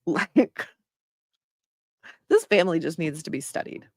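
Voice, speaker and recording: A woman's voice: sits low, sing-song, takes it slowly, long pauses, no room sound, studio quality. Blunt, sarcastic middle-aged woman commentator. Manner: blunt, sarcastic, swears freely. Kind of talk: casual commentary reading an article.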